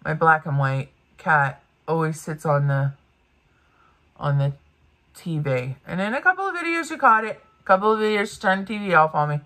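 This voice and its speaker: A woman's voice: deep voice, normal speed, fairly bright tone. A woman in her fifties doing get-ready-with-me commentary, blunt and ranting, swearing freely. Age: 50s. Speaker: beauty vlogger.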